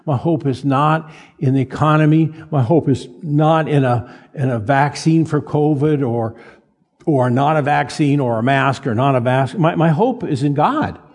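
A man in his seventies preaching a sermon in a church, folksy and joking, often stumbling over and repeating his words. His voice sits a little high but sounds mellow and husky. A long reverb from a large hall trails every phrase. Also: a little slow. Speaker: pastor.

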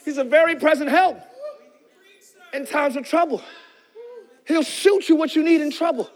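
This is a male pastor's sermon, delivered with fervent energy and plenty of shouting and calling out to the congregation. He has a very high voice and keeps a moderate pace.

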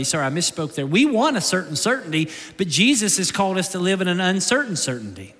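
A pastor preaches with urgency, hammering home repeated lines. His voice sits high and bright. It rings out with the long reverb of a large church sanctuary. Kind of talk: sermon. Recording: long reverb of a big hall.

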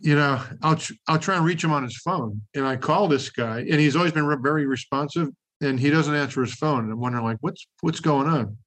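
A man's voice: on the high side, brisk, hardly any pauses, fairly bright tone. A man hosting a casual podcast conversation, telling anecdotes from recruiting and chuckling as he goes. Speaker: podcast host, executive recruiter.

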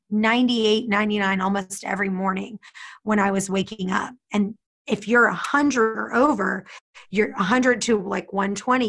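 A woman in casual conversation, speaking animatedly and acting out quoted people in a higher voice. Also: gravelly. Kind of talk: casual chat.

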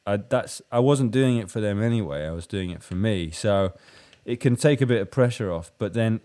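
A lowish-voiced man in a loose chat who talks animatedly and swears freely. He laughs a lot and jumps into exaggerated quoted voices. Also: animated, normal speed, warm tone. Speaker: musician co-host. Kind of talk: casual chat.

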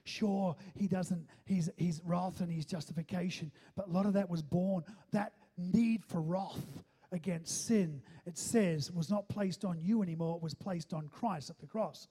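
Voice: medium pitch, a little slow, few pauses, mellow, slightly rough. A pastor preaching a sermon, stressing each point and often asking the listeners if they are following. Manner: keeps checking in with the listeners, emphatic.

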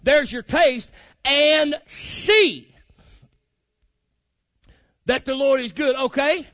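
A man's voice: very high voice, drawn-out words, fairly bright tone, no echo. A man preaching a sermon, fiery and colloquial, calling out to his congregation. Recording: muffled lo-fi recording.

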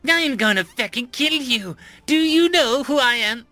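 A man's voice: very high-pitched, very animated, slow pace, bright, forceful tone, no echo, voice pushed up, full character voice. A man voicing a vicious serial strangler who shrieks and snarls in mocking rage. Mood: enraged. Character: vicious middle-aged male serial strangler.

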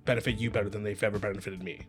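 A man playing a quiet earnest man. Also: fairly low pitch, steady tone, rapid-fire, faint music behind, pitched below the performer's own voice, close to an everyday voice. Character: humble grown man parting from friends.

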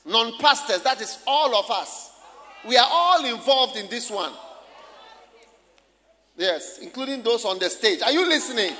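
A man preaching a sermon from Ghana, firing questions at the congregation and shouting for emphasis, recorded live in a church. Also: very high-pitched, lively intonation, unhurried, long pauses. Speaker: pastor. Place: church hall. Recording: live church recording with long hall reverb.

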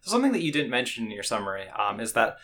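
A man's voice: medium pitch, very animated, very fast, a bit bright. A man co-hosting an anime podcast, talking casually in a rambling way with lots of restarts and fillers. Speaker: podcast co-host.

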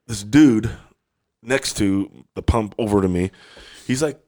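A man with a fairly low voice tells a long story on a casual podcast. He rambles, restarts his sentences and laughs often as he goes. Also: a little slow, darkish tone. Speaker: podcast host.

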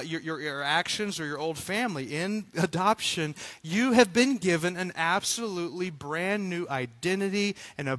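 A man in his thirties preaching a sermon, animated, acting out little scenes and often repeating words as he goes. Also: a little high, no echo. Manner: animated, acts out quotes, frequent repeated words. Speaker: pastor.

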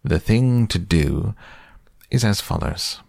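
A man's voice: fairly low pitch, animated, slow pace, gravelly, a little mellow, no room sound, clean studio sound, voice pushed up, heavily acted. A man voicing a pompous, wordy old male owl in a storybook reading. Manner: long-winded, pompous.

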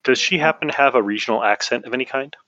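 A man playing a tabletop game, speaking in a measured, careful way with frequent fillers. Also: mid-range voice, sharp tone, no room sound, dull audio. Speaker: player. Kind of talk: tabletop game play and in-character talk.

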